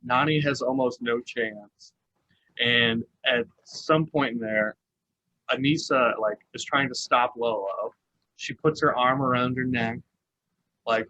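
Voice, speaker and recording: Man, podcast co-host, chatty, bright tone, slightly dull recording. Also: medium pitch. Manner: chatty, laughs often, many "like" fillers. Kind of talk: casual chat recapping a reality show.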